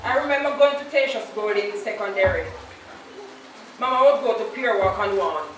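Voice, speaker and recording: A woman's voice: medium pitch, normal speed. A Jamaican woman in her fifties giving a funeral eulogy, telling stories and slipping into patois quotes. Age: 50s. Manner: anecdotal storytelling, slips into patois quotes. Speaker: eulogist, daughter of the deceased. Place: large church. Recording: echoey church, distant and noisy.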